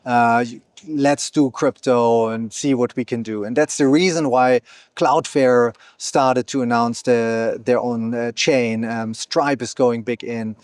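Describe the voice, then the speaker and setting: A man's voice: medium pitch, fairly even intonation, takes it slowly, a little mellow, clear, resonant tone, no room sound. A man being interviewed as a company founder, talking fluently but with many fillers and restarts. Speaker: exchange founder, guest. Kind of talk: conversational interview. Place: event venue.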